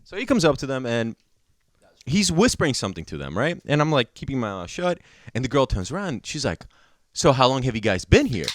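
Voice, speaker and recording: A man's voice: mid-range voice, very animated, brisk, no echo. A young man from Georgia telling a story in casual podcast chat, acting out quotes, swearing and laughing often. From Georgia (country). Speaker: podcast co-host.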